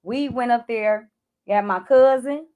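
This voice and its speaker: A woman coach speaks straight to her viewers in a somewhat high voice, recounting a frightening personal experience with lively, emotional delivery. She calls out to the audience often and acts out her own panicked shouts as she tells the story. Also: unhurried, clean tone. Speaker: clarity coach.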